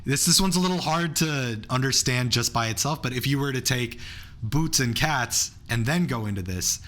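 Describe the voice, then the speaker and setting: Bright-voiced man teaching beatboxing. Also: medium pitch, moderate pace. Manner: counts beats aloud and breaks into beatbox sounds; enthusiastic, loose, restarts often. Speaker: beatboxing instructor. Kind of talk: online workshop teaching.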